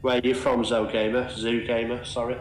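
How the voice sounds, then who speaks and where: A man's voice: medium pitch, little pitch movement, a little fast, roomy sound. A man from Manchester with a Manchester accent, bantering on voice chat in a jokey, easygoing way. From Manchester, England.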